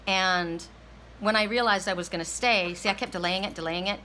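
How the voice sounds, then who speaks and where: A woman from the United States with a bright, forceful voice tells a personal story during a tarot reading, near tears and often restarting her sentences. She repeats herself as she talks through it, and there is a faint hiss of noise behind her. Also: medium pitch, brisk, poor audio. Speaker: tarot card reader.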